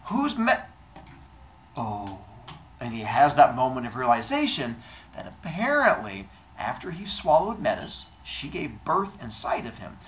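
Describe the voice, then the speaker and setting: A man telling a comic myth in an animated, playful way, hosting his show. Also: mid-range voice, moderate pace, a little hiss or hum. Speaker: storyteller host. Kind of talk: comic storytelling. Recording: roomy echo.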